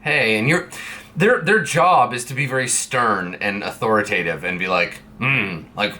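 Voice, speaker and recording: A man's voice: mid-range voice, normal speed, pushed and bright. A young man from Canada chatting casually to camera in a vlog, rambling through stories from a friend's streaming room. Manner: rambling, chatty, with playful put-on voices in quoted dialogue. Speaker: vlogger. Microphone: streaming setup mic.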